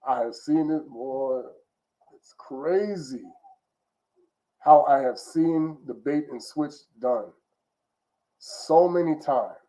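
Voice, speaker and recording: A man gives an informal religious teaching as a conversational monologue, emphatic and repetitive, often restarting phrases. His voice is a little high with a dark tone, and the recording is rough.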